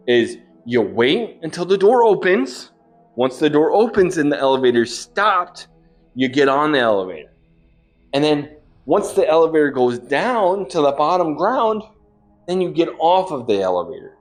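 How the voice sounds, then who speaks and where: Stammering, higher-voiced man in role-play. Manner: stammering, repeats words. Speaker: gaming channel host. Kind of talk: comedic in-character role-play.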